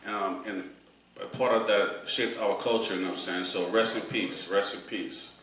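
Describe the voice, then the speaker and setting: Bright-voiced New man, echoey room. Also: on the low side, fairly even intonation, normal speed. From New York. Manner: rambling, restarts often. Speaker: podcast host. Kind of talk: casual podcast chat. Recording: echoey room, from a distance, faint noise.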